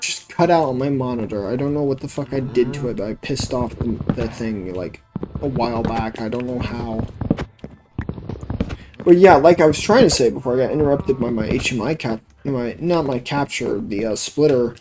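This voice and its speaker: With background music and a noisy backdrop, a let's play gamer speaks in a mid-range voice at a moderate pace. His casual commentary, recorded on a cheap home microphone, rambles and turns profane whenever he gets exasperated.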